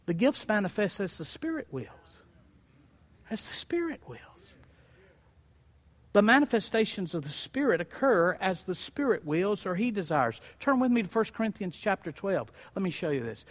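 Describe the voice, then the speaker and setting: High-voiced man preaching in a hall. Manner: preaching with rising emphatic repetition. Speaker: pastor. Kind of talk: sermon.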